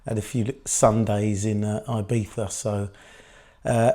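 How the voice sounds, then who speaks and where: A man with a croaky voice, co-hosting a football podcast in relaxed, rambling chat. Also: fairly low pitch, unhurried. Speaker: podcast co-host.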